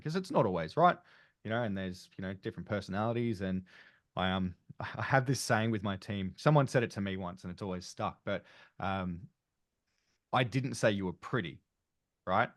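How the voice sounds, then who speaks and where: An Australian man hosts a casual online panel, his voice sitting fairly low. He talks in a loose, rambling way full of fillers and restarts. The sound is dry and close, as on a video call. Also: normal speed, dry recording. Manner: chatty, rambling with many fillers. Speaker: panel host.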